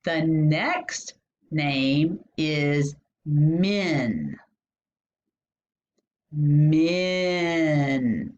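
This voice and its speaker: A woman teaching a phonics lesson, sounding out each vowel slowly and lifting her voice on questions. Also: very animated. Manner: stretches out and sounds out each vowel, asks questions with rising pitch. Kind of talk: slow instructional phonics lesson. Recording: dull lo-fi sound.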